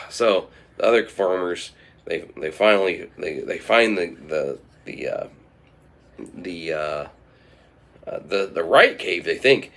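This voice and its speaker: A man's voice: deep voice, lively intonation, slow, a bit bright. A man telling an improvised comic story in a meandering way, with lots of fillers and restarts.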